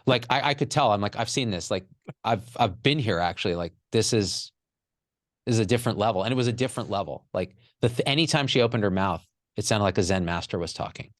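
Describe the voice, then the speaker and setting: A man's voice: on the low side, fast, no room sound, studio quality. A man telling a raw personal story with candid emotion, swearing freely as a podcast guest.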